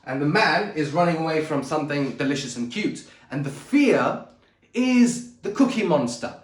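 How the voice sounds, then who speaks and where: A man's voice: fairly high pitch, animated, normal speed, roomy sound. A man teaching public speaking in a video lesson at a board. He speaks emphatically, trips over words now and then, and keeps checking in with "okay?" and "all right?". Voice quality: says he is a bit dyslexic and trips over words. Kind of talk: talking-head video lesson at a whiteboard.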